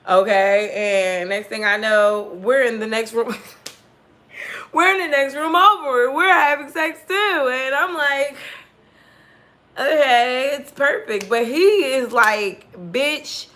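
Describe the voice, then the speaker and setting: A woman's voice: on the high side, unhurried. A young woman hosting a casual storytime vlog, talking candidly and with plenty of swearing, acting out the lines of the people in her story. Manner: candid, profane, animated, acts out quoted dialogue. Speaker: tarot channel host.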